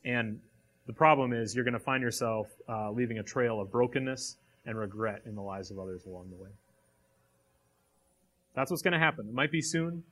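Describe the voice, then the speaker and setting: A man's voice: mid-range voice, normal speed, fairly bright tone. A man reading a passage aloud and then preaching on it, with direct questions to a live audience. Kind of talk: sermon.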